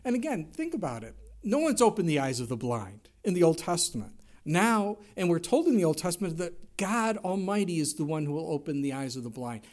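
A middle-aged man preaching a sermon, telling stories in an animated way and jumping his voice up for quoted lines. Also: on the high side, fairly quick. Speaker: pastor.

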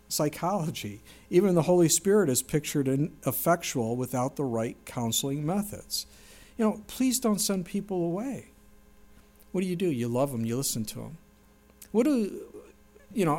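Middle-aged guy preaching a sermon, fairly high voice, earnest, goes way up when he pushes a point. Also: darkish tone. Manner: earnest preaching, rising for emphasis. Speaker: pastor.

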